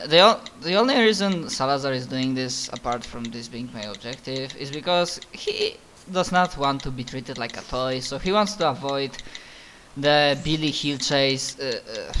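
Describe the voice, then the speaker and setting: A man speaking as a player in a tabletop role-play session, halting and restarting often. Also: mid-range voice, animated, bright, forceful tone, slight background noise. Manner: halting, many restarts and sighs.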